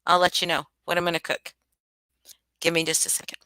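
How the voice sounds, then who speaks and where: A middle-aged woman hosts a casual livestream, talking loosely to her chat and restarting her sentences. Her voice is bright and forceful, smooth and crisp, a little low for a woman. The sound is dry and close, with no room around it. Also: level tone, fairly quick, no echo, rough recording. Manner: chatty, reads and answers chat, many restarts. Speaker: livestream host.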